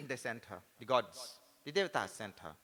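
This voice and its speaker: A man giving a spiritual discourse, animated and full of rhetorical tag questions like "correct or not?". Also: mid-range voice, a little slow. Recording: hall reverb with faint music behind.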